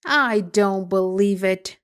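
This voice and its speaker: A woman voicing a shrill, angry mother pigeon guarding her eggs in a storybook reading, with a screechy, accusing voice. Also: slow pace, clean tone, natural voice.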